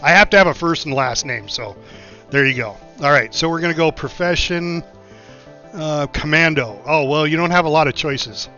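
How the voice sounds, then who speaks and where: Man streamer, bright forceful voice, chatty gameplay commentary, dull lo-fi mic with faint music behind. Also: fairly high pitch, moderate pace. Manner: chatty, thinking aloud with many fillers.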